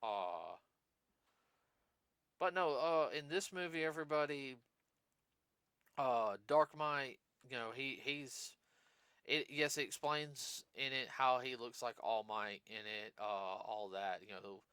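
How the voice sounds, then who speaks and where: A man's voice: mid-range voice, slow, bright, forceful tone, clear, resonant tone, no echo. A man hosting a casual podcast, rambling through his points with plenty of fillers and restarts. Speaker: podcast host.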